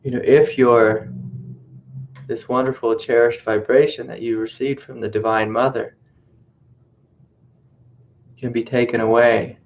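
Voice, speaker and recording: Flat-voiced man giving a spiritual talk. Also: mid-range voice, measured pace, pauses often. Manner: reflective storytelling with repeated phrases. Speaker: spiritual teacher. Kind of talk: satsang teaching talk. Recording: dull lo-fi webcast audio.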